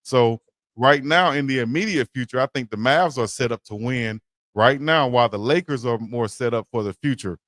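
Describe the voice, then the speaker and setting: A man's voice: medium pitch, moderate pace, fairly bright tone, dry recording, studio quality. A man co-hosting a live sports talk stream, earnestly defending his team. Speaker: co-host. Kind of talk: casual sports debate. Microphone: live stream setup.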